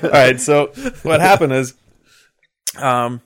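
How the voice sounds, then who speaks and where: A young man co-hosting a podcast, telling an animated story in casual chat and swearing freely. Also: medium pitch, slow. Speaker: podcast co-host.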